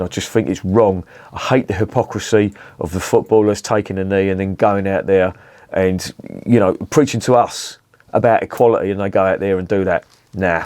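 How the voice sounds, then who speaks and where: A man's voice: on the low side, darkish tone, no room sound. A middle-aged man with a London accent, chatting casually and bluntly on a beer review vlog, rambling and swearing at home.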